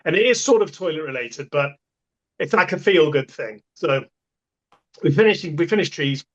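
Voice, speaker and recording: A man, a podcast guest telling an animated story and acting out the voices of the people in it. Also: on the high side, moderate pace, dull audio. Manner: animated anecdote, acts out quoted voices. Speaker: guest, festival toilet contractor. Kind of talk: casual storytelling.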